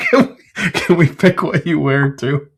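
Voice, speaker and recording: A man's voice: on the high side, measured pace, breathy edge. A man hosting a casual live stream from his home whiskey room, laughing often, swearing freely and answering chat. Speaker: whiskey show host.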